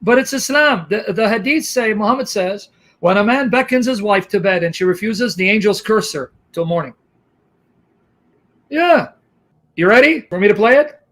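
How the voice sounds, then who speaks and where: A man with a high voice gives outraged commentary. He reads translated lines aloud and breaks in with indignant remarks between them. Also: expressive, normal speed, a bit bright, a little hiss or hum. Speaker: host. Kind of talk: reading subtitles and commenting on a clip.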